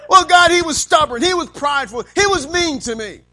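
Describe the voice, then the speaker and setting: A preacher imitating a spouse who whines to God about their partner. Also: male voice, very high-pitched, animated, brisk, bright, forceful tone, voice pushed up, exaggerated voice. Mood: whining. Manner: whiny, complaining. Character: whining spouse complaining to God.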